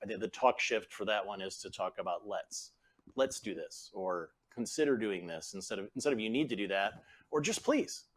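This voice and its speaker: A man's voice: lowish voice, moderate pace. A man in his forties, a podcast guest and author, explaining how leaders speak, acting out example phrasings. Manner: animated, acts out example phrasings. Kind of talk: conversational coaching talk.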